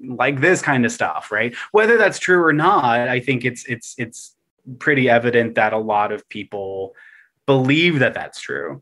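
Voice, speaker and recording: A man chatting casually as a podcast guest, animated and profane, full of fillers and restarts, jumping between loud emphatic bursts and quiet mocking asides. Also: mid-range voice, unhurried.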